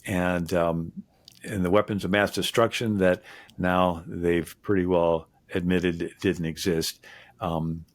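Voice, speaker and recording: A historian guest talking in an interview, rambling with many fillers and restarts. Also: male voice, deep voice, level tone, takes it slowly, no echo. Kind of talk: conversational interview.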